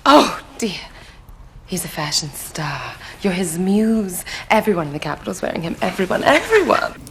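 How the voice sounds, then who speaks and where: An actress playing a flamboyant, fussy escort from a rich capital, theatrical and bossy in a film. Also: female voice, on the low side, big pitch swings, normal speed, a little hiss or hum. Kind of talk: film acting.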